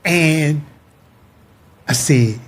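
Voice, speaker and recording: A man tells a personal story with raw, earnest feeling. His voice sits high for a man and carries a husky grain. He talks expressively and heads toward laughter when something moves him. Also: drawn-out words. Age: 50s. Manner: expressive, earnest, breaks into laughter while recounting. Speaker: guest, husband.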